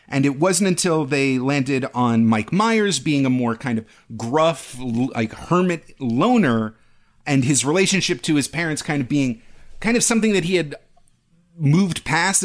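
A man co-hosting a podcast in casual chat, talking hesitantly with many fillers and restarts. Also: mid-range voice. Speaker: podcast co-host.

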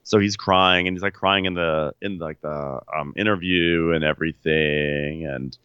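A man's voice: a bass voice, steady tone, measured pace, sharp tone, clear, resonant tone, no echo, dull audio. A man co-hosting a podcast, retelling reality show scenes in a casual storytelling way, full of filler words. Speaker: podcast co-host. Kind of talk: casual recap narration.

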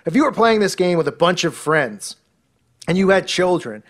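High-pitched, indignant ranting man. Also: very animated, moderate pace. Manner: indignant, preachy, rhetorical questions. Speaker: talk show host. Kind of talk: ranting monologue, played clip.

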